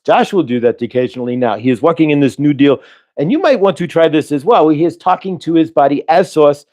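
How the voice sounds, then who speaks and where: A man's voice: fairly high pitch, fast talker, darkish tone. A man giving a live spiritual channeling talk, earnest and coaching, asking the listener rhetorical questions.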